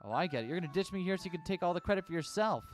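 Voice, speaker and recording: A man's voice: sits high, lively intonation, very fast, soft background music, voice pushed up. Man putting on a riled-up cop in a cat suit. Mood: indignant. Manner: loud, defensive, whiny.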